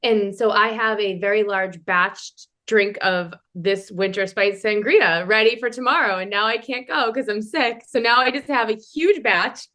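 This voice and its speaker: A woman co-host who is sick, talking in a loose, giggly way. Her voice sits in a middle pitch, and she drifts into side stories as she chats about drinks. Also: moderate pace, hardly any pauses, bright, forceful tone. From New England. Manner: giggly, chatty, rambling asides. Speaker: podcast co-host. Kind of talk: casual chat.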